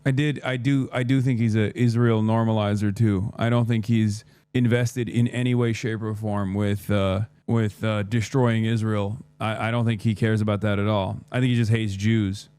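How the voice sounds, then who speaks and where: A man doing live-stream political commentary, sarcastic and crude, ranting in quick bursts. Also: on the low side, flat delivery, dark tone, smooth, no echo. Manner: sarcastic, crude, rapid rants.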